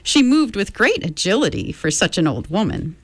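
A woman's voice: medium pitch, big pitch swings, normal speed, slightly rough, no echo. A woman radio host reading a story aloud expressively, then chatting casually between songs.

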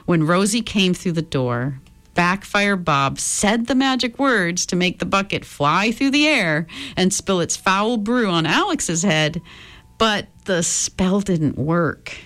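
A woman reading a children's story aloud with expressive intonation. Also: fairly low pitch, takes it slowly.

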